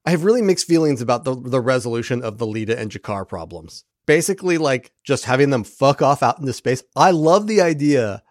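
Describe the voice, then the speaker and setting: A man co-hosting a podcast in casual chat, animated and profane, acting out lines from the episode. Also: mid-range voice, fairly quick, hardly any pauses, no room sound, clean studio sound. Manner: animated, profane, acts out quoted characters. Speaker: podcast co-host.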